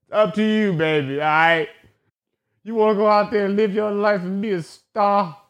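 A man's voice: high-pitched, fairly even intonation, moderate pace, pitched above the performer's own voice, lightly acted. A man putting on a mock-stern lecturing voice. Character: loud mock-stern man lecturing about dreams, unplaceable accent.

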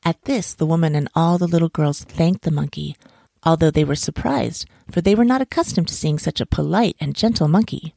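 Low, gravelly woman storyteller. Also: no echo, studio quality. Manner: measured, expressive reading. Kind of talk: storybook narration.

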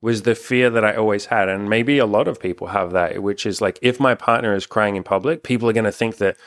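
A man's voice: lowish voice, fairly quick. A young man hosting a casual couple's chat, talking frankly and rambling, swearing often. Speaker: relationship coach and channel host.

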